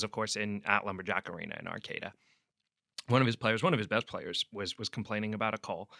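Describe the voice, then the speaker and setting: A man's voice: lowish voice, no echo, clean studio sound. A young adult man, a sports reporter guest, telling rambling stories in a conversational interview and acting out quotes. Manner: rambling storyteller, restarts, acts out quotes loudly.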